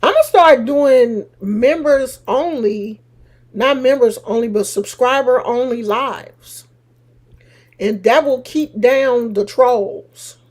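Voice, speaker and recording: A woman live streaming and chatting casually with her viewers, teasing and sassy, breaking into loud laughs. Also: a little high, slow pace.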